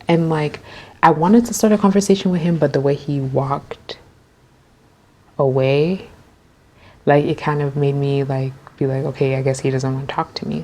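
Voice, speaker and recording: A young woman with a notably low voice tells a story for her vlog. She is chatty and animated, leaning on fillers as she goes. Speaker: vlogger.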